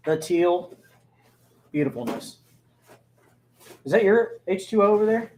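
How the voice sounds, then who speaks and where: A man co-hosting a livestream, chatting in a quick, enthusiastic way. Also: high-pitched, expressive, a little mellow, slight background noise. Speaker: co-host of a fundraiser livestream. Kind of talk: casual chat.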